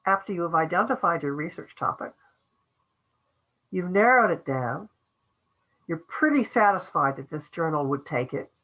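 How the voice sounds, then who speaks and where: An older woman teaching an online writing class in a low, husky voice with a bright, forceful edge. She talks loosely and conversationally, trailing off, restarting, and acting out little quoted lines. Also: poor audio. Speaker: academic writing lecturer. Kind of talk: webinar lecture.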